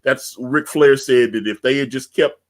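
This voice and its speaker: A man co-hosting a casual wrestling podcast, telling animated stories. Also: mid-range voice, moderate pace. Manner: animated storyteller who acts out quotes. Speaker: podcast co-host.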